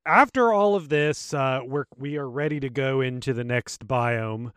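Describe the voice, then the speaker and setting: A man co-hosting a gaming podcast, relaxed and joking as he walks through the gameplay. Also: mid-range voice, a little slow, clear, resonant tone, no room sound. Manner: relaxed, narrates gameplay, jokes. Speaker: podcast co-host. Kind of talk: casual gaming chat.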